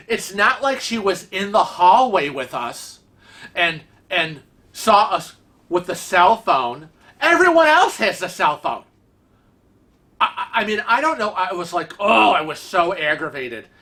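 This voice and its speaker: A vlog host telling a travel mishap story in a casual, animated and indignant way, with restarts and repetition. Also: mid-range voice. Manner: seated in a wheelchair while talking.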